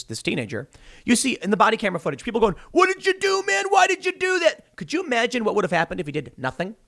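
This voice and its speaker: Man, political commentary host, sarcastic, heated, lively pitch, fairly high voice. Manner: animated and sarcastic, mocks quoted critics in high voices. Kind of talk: solo commentary show.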